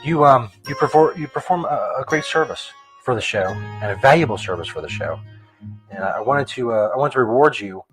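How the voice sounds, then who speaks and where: A man playing a laid-back stoner Jesus in a comedy sketch, explaining things patiently in a rambling, deadpan way. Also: medium pitch, fairly quick, faint music behind, natural voice, low-quality recording.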